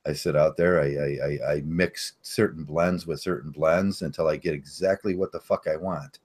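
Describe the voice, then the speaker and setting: A man's voice: very deep voice, steady tone, normal speed, a little mellow. A man chatting casually in a group talk, rambling and swearing with frequent laughs. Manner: profane, rambling, laughs often.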